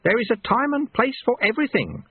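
A man's voice: extremely high pitch, lively intonation, fairly quick, slightly rough, pitched above the performer's own voice, heavily acted. A man doing a wry, sly old monk. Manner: mild, knowing, quoting sayings. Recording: tinny phone-like audio.

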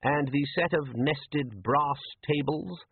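A man reading an audiobook voices a dry, ironic older male ruler who speaks in a slow, cool drawl. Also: fairly high pitch, slightly rough, no echo, pitched above the performer's own voice, exaggerated voice. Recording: tinny phone-like line, dry.

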